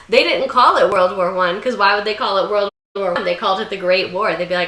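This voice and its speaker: Sassy young woman host, crisp bright tone in an echoey room, swears freely and riffs sarcastically. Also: mid-range voice, quick pace, hardly any pauses. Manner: irreverent, swearing, sarcastic asides; slips into mocking voices. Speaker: video essay host. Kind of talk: comedic history commentary. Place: room under bright lights.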